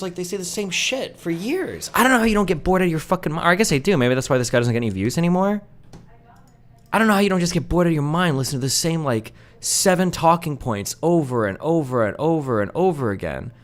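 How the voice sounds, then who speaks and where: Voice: medium pitch, expressive, quick pace. Sarcastic streamer with a swooping voice. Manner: sarcastic and profane, mocking what is played. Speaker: streamer reacting to a video. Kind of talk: casual live-stream commentary.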